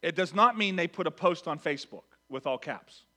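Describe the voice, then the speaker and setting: Bright high-voiced male pastor preaching. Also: brisk. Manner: animated, swings from hushed to loud acted quotes. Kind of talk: sermon. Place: church with congregation.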